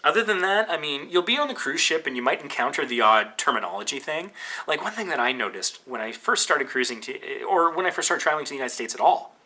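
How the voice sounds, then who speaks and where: A man's voice: on the high side, expressive, quick pace, pushed and bright. A Canadian man hosting a podcast, talking casually and rambling with fillers and restarts. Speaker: podcast host.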